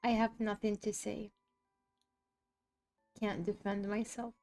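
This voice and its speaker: A woman's voice: mid-range voice, flat delivery, slow pace, darkish tone, soft background music. A woman streaming live while she draws, chatting casually with her chat between bites and laughing often. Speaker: art streamer.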